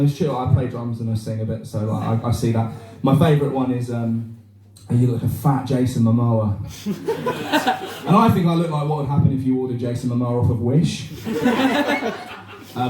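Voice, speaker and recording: A man's voice: medium pitch, dark tone, a little hiss or hum. A man doing a crude, self-deprecating stand-up set, chatting with the audience in a small bar. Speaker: stand-up comedian. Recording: roomy live sound from a distant mic with audience laughter.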